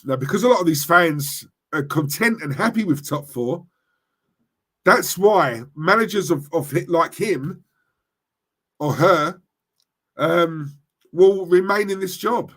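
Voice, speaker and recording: Impassioned football fan ranting. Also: male voice, fairly high pitch, expressive, slow pace, long pauses, fairly bright tone. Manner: impassioned, repeats "right?" to the audience. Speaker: football fan channel host. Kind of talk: livestream rant reading chat comments.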